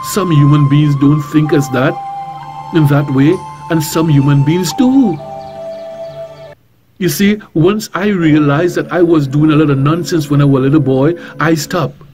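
A reverend from Trinidad and Tobago hosts a talk radio show, preaching in a somewhat high voice with a Trinidadian accent and a slightly slow delivery. He is bold and emphatic, repeating phrases and firing off rhetorical questions, while music plays clearly underneath.

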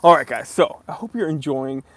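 A man's voice: fairly high pitch, animated, moderate pace, dry recording. A man from New England hosting a live stream outdoors outside a library, greeting viewers by name in an upbeat, casual way.

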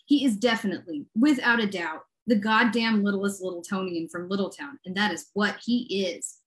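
A woman poet performing her own poem aloud, cooing in baby talk and breaking into low, cursing asides. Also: normal speed, fairly bright tone. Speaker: guest poet. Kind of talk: performance poetry reading.

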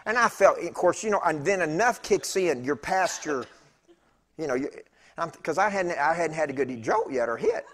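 A man preaching in church, telling a personal story in a chatty, animated way with laughing asides to the congregation. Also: fairly high pitch, moderate pace. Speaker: pastor. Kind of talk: storytelling sermon. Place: church sanctuary.

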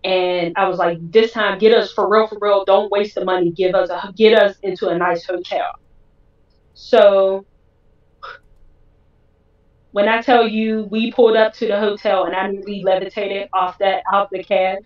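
A woman recounts a personal story at a mid pitch, with animated, vivid storytelling. Her voice sounds a little far from the mic in a roomy space. The sound is slightly dull. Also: moderate pace. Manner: animated, acts out others' voices in quotes. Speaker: guest telling her story.

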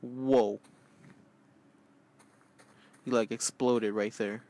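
Goofy, excitable man doing game commentary. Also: fairly low pitch, very slow. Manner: goofy, excitable, often yelling out. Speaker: gaming channel host. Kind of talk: let's play commentary.

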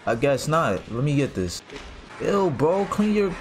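A man's voice: mid-range voice, big pitch swings, measured pace. A man commentating his horror game playthrough, reacting in panic with casual slang. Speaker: gaming streamer. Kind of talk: let's play commentary. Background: game music.

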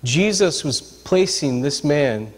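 A male pastor with a high voice delivers a lively, humorous sermon, often stopping to ask his congregation for an "amen". His voice carries a long reverb from a large church sanctuary. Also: slow pace. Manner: lively, talks straight to the congregation with repeated "amen?" and "right?"; humorous, folksy storytelling.

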